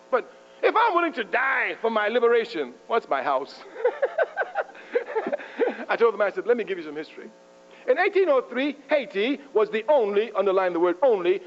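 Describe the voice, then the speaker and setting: Fiery high-voiced man giving a speech. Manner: fiery, rhetorical, chuckles at own jokes. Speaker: public speaker addressing university students. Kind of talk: impassioned political speech. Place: university lecture hall. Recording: muffled archival tape with mains hum.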